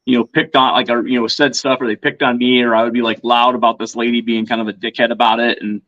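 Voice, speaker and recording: Speaking fast with little pitch movement, a reptile vendor guesting on a podcast rambles casually through his stories, often restarting and using fillers. His medium-pitched voice has a fairly bright tone, and the audio is lo-fi.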